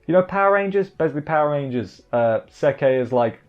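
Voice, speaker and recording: A man with a higher-pitched, lively voice casually recaps an anime episode as a reviewer, rambling, restarting often, and tossing in quick asides. The audio is dull, with faint music in the background.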